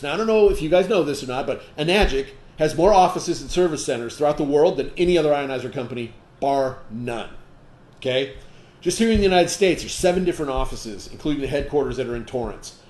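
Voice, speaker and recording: A man running a training session for distributors, his voice a bit higher than most men's. He talks emphatically, fires rhetorical questions at the room and keeps checking in with "okay?". The sound is echoey, as in a roomy space. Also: a little mellow. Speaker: sales trainer.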